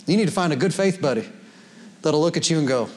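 Standing before his congregation in the church sanctuary, this pastor preaches in a folksy way, laughing often and quoting scripture. His voice is on the high side with a darkish tone, and he speaks fast and expressively.

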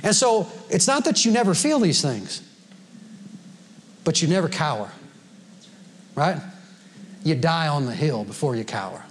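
A man's voice: fairly high pitch, very animated, a little slow, long pauses, a little hiss or hum. A man preaching a sermon to a congregation in a folksy way, laughing often and quoting scripture. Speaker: pastor. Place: church sanctuary before a congregation.

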